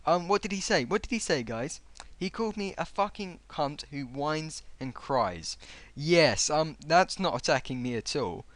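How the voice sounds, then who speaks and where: A man's voice: on the high side, lively intonation, measured pace, a bit bright, dry recording. A man reading out online comments and mocking them, sarcastic and exasperated.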